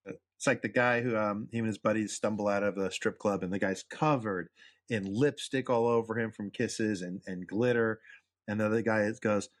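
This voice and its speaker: A man's voice: lowish voice, steady tone, moderate pace. A man co-hosting a podcast, from New York, telling jokes in casual chat and acting out the voices. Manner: dry storyteller, acts out joke voices. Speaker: podcast co-host.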